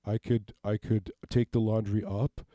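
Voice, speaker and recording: A man rambling through an improvised comedic monologue in a deadpan way, asking "okay?" over and over. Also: lowish voice, a little slow, no room sound, dull audio. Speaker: comedic self-tape performer. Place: home basement.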